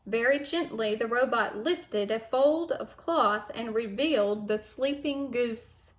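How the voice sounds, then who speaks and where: A teacher reads a chapter book aloud to her class in a gentle, patient way. Her voice sits a little high and she takes her time over every sentence. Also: slow, few pauses.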